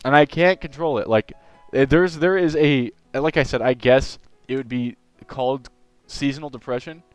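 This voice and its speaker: A young man chatting on a live stream, telling an animated, rambling story. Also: mid-range voice, normal speed, clear, resonant tone, no echo, soft background music, poor audio. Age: young adult. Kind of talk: casual live-stream chat.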